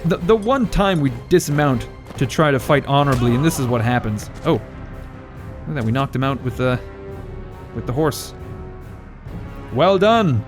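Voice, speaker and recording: A man giving casual let's play commentary as a gaming channel host, joking with wry asides and chuckles. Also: mid-range voice.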